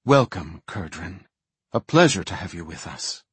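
A composed, gracious elf high priestess who speaks with formal courtesy, as a male reader voices her. The voice stays low, dry and a little husky. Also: big pitch swings, measured pace, fairly bright tone, no room sound, heavily acted. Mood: welcoming.

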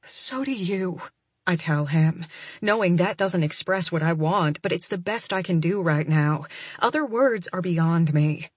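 A young woman reads a romance audiobook in the first person, softly and with feeling, her voice often dropping close to a whisper. Her tone is lowish and husky with a breathy edge. The recording is dry and close, with no room sound. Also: unhurried, no room sound. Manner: soft, breathy and emotional, often near a whisper.

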